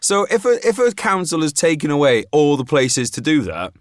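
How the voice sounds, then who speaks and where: A man's voice: fairly high pitch, big pitch swings, normal speed, dry recording, clean studio sound. A man hosting a podcast, chatting casually in a rambling way, with lots of "like" and swearing. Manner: rambling, swears freely, frequent fillers. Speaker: podcast host. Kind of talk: casual chat.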